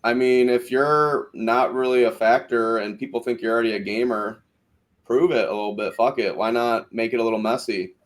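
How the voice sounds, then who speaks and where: A man's voice: medium pitch, fairly even intonation, normal speed. A man hosting a podcast recap of a reality show, chatting casually, swearing freely and acting out quotes from the cast. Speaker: podcast host. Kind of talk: casual chat.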